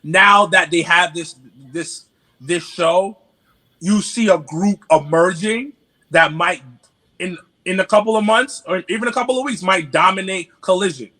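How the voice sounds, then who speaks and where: High, bright-voiced New York man. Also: a little slow. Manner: animated, stammering restarts. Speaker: podcast guest. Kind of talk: casual chat.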